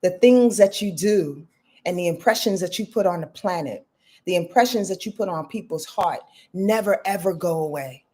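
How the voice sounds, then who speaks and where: A woman in her fifties, an astrologer hosting a live reading, talking in a rambling, heartfelt, expressive way. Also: fairly low pitch, normal speed. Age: 50s. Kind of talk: casual live talk.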